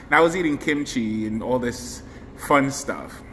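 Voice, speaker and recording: A man's voice: mid-range voice, expressive, measured pace, a bit bright. A man hosting a casual live stream, chatting effusively and thanking viewers by name. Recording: faint background noise, long hall reverb.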